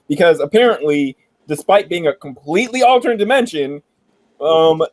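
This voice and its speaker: A man hosting a casual entertainment chat, retelling a backstory in an animated, joking way and swearing casually. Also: a little high, no room sound, poor audio. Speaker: podcast host.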